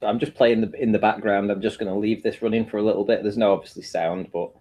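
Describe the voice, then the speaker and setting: Low, mellow-voiced man on a video call. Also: steady tone, quick pace, breathy edge. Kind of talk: casual online video call chat.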